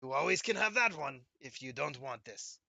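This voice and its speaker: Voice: medium pitch, lively intonation, moderate pace, gravelly, pushed and bright, no room sound, heavily acted. A game master voicing a generous, fond craftsman who reassures the adventurers in a tabletop game. The voice stays close to the game master's own. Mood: reassuring. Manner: fond and reassuring, soothing the party. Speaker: non-player character voiced by the game master.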